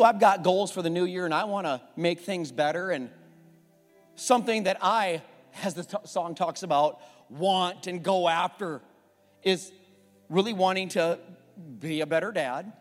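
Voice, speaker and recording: A man in his forties preaching a sermon as a pastor, telling a candid family story, rising when worked up and going soft when reflective. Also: sits high, measured pace, pauses often. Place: church sanctuary. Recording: church hall with long reverb and faint music.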